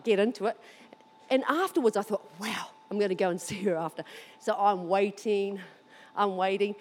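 A woman preaching, telling a personal story with animated, excited delivery. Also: on the high side, big-room sound.

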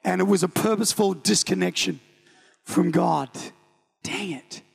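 A man's voice: high voice, measured pace, creaky, breathy edge. A New Zealand man in his thirties preaching a sermon, telling a personal story with jokes and acted-out voices. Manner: animated, joking, acts out voices.

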